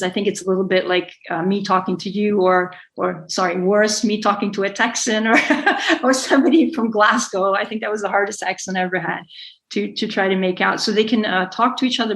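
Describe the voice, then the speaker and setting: A middle-aged woman, a sailor and author, is interviewed in a conversational setting with poor audio. Her mid-range voice runs on at length in a rambling, self-correcting way, broken up by frequent small laughs.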